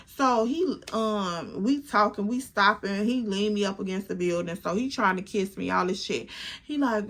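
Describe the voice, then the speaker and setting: A woman in her twenties telling a casual storytime, animated and profane. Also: medium pitch, measured pace. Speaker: vlogger.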